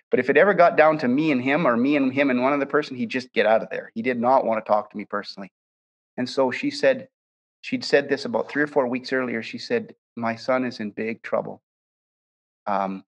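A man, a pastor, preaching by telling personal stories, earnest, his voice dropping softer whenever he quotes someone. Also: mid-range voice, muffled recording. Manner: earnest storytelling, voice drops softer when quoting others. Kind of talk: storytelling testimony sermon.

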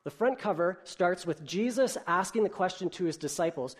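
A pastor preaching a sermon in an explanatory, conversational way, animated when he reads a children's story aloud. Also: high-pitched, moderate pace, few pauses.

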